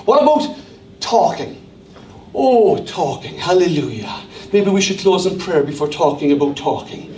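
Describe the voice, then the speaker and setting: A man's voice: high voice, very animated, normal speed, warm tone, slight background noise. An Irish man from Cork preaching a sermon as pastor, humorous and self-deprecating, telling stories. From Ireland. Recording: echoey church hall from a distance.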